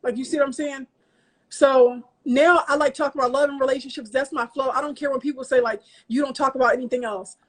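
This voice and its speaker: A woman poet speaks as a guest in a casual interview, telling her story with lively self-mockery and often slipping into the voices of the people she quotes. Her voice sits high and has a breathy, husky grain. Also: fast.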